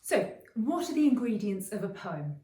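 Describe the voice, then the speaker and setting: A middle-aged woman teaching creative writing in a chatty, explanatory video lesson, often pausing with ums and restarting phrases. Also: mid-range voice, big pitch swings, warm tone, far from the mic. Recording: roomy echo, voice a bit off-mic.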